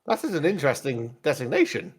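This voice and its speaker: A man's voice: on the high side, very animated, quick pace, breathy edge, pitched above the performer's own voice, full character voice. A man putting on an eager little robot droid. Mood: earnest. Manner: stilted, formal robotic phrasing.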